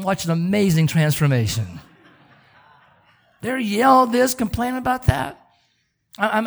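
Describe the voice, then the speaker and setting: A man's voice: sits high, vocal fry. A middle-aged man preaching a sermon as pastor, repeating words as he talks and asking the congregation rhetorical questions. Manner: animated, stammering repetitions, rhetorical questions.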